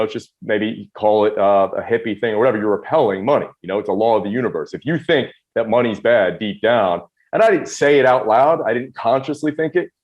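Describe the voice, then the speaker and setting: Fast-talking man, dull lo-fi sound. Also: lowish voice. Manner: rapid, emphatic, self-deprecating retelling. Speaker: guest. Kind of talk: candid storytelling interview.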